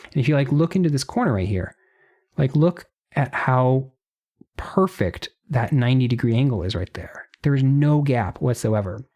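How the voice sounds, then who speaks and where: A man's voice: mid-range voice, animated, normal speed, a little mellow. Male knife reviewer, casual show-and-tell, mid-range voice, rambling and detail-obsessed. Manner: talkative, detail-focused, frequent restarts.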